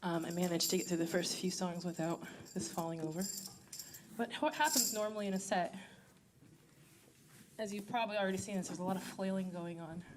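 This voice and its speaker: A woman's voice: lowish voice, brisk, slight background noise. Chatty woman introducing a song on stage. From Nigerian family, raised in the United States. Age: 30s. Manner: chatty and self-deprecating, many fillers, laughs easily. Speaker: singer-songwriter performing live.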